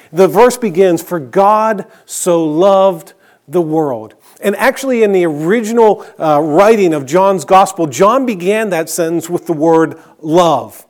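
A man preaching a sermon to his congregation, earnest, slowing down and dropping to a hush for emphasis, with light asides. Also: on the high side. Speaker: pastor.

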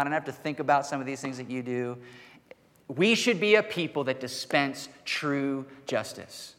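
A man preaching a sermon as pastor, earnest and emphatic, slowing down to stress key words. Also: on the high side, a bit bright. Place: church hall. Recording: long reverb of a church hall.

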